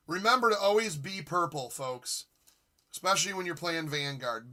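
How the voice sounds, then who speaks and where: A man in his forties hosting a live gaming stream, chatting casually and reading viewer comments with excitable, jokey humor. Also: on the high side, normal speed. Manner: excitable, jokey, reads chat aloud. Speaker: streamer host.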